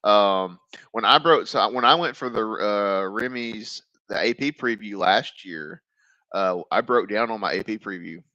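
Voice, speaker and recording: A man co-hosting a casual podcast chat, telling stories with lively acted-out quotes. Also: on the low side, measured pace, dry recording, highs cut off. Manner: animated storyteller, acts out quotes. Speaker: podcast co-host.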